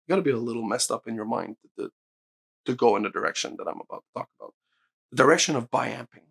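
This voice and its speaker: A man's voice: medium pitch, quick pace, gravelly, breathy edge. A man hosting his own hi-fi channel, giving an enthusiastic, emphatic speaker review straight to camera. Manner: enthusiastic, emphatic, swears when excited. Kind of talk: excited gear review to camera.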